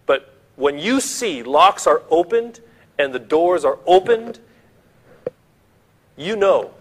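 Guy preaching slow, a little higher voice, tells the story vividly right to his listeners. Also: a bit bright. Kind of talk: sermon.

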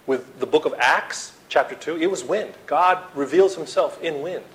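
Dramatic preaching man, loud to hushed. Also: on the high side, normal speed, poor audio. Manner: dramatic, swings from loud to hushed, acts out quotes. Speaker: pastor. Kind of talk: sermon.

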